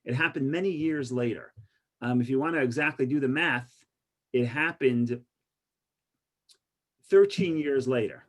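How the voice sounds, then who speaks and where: A man teaching an informal Torah class, an animated storyteller with many restarts who gets loud for punchlines. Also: medium pitch, measured pace, long pauses. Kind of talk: informal Torah lesson with stories and jokes.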